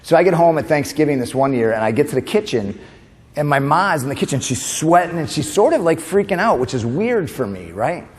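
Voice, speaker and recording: A man's voice: on the high side, big pitch swings, brisk. A man from New York giving a humorous motivational keynote, talking conversationally and quizzing the audience with "right?". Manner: conversational, asks the audience questions, tag "right?". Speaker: motivational speaker. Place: large conference hall. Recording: long reverb of a conference hall.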